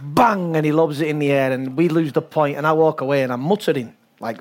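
Animated, high-voiced English storyteller man. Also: quick pace, hardly any pauses. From England. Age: older. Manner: animated storyteller, laughs often, acts out voices. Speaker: football coach. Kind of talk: talk-show interview.

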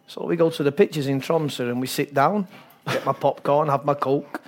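An older man from England tells anecdotes as an interview guest, laughing often and slipping into the voices of the people in his stories. His voice sits a little high for a man. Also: normal speed. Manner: animated storyteller, laughs often, acts out voices. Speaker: football coach. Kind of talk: talk-show interview.

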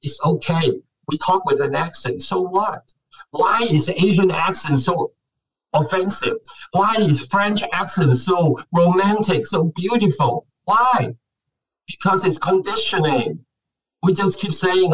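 Guy going off in an interview, kinda husky, mic sits a bit far. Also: high-pitched, animated, unhurried. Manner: passionate, venting, acts out quotes. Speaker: actor guest. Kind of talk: candid interview talk.

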